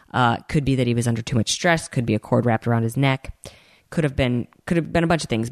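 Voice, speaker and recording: A woman telling her own story in a casual, animated way, acting out the people she quotes and speaking straight to her listeners. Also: rumbling low, no echo, clean studio sound. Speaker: host telling a personal story.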